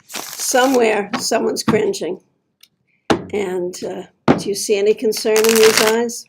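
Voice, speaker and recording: A woman's voice: mid-range voice, steady tone, a little slow, very noisy. A middle-aged woman hosting a friendly livestream tarot reading at home, chatty and enthusiastic as she talks to her viewers. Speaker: tarot reader, show host.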